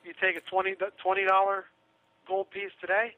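A man's voice: high-pitched, completely flat delivery, fairly quick, no room sound. A man talking casually on a radio show, chatty and sarcastic, laughing through his own asides. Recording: tinny phone line.

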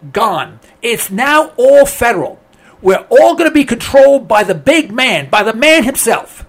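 A man's voice: extremely high pitch, fairly bright tone. A man giving a blunt, emphatic ranting monologue on politics, sarcastic and repetitive, hammering his points again and again. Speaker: political commentator.

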